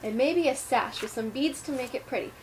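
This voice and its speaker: A woman voicing a sweet young fairy-tale heroine in a playful storybook reading at home, high and eager. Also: a little fast, slight background noise.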